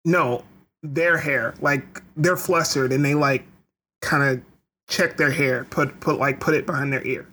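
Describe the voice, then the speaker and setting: Give a player describing a character's moves in a tabletop game. The speaker talks slowly and haltingly with lots of "like." The tone is bright and a little tense. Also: mid-range voice, fairly even intonation. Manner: hesitant, awkward, halting.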